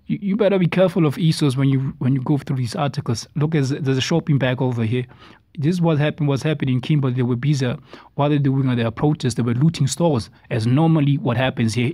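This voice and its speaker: A man's voice: mid-range voice, darkish tone, no echo. A man giving a preachy response-video commentary, stumbling over words as he reads passages aloud. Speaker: religious commentator. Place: South Africa.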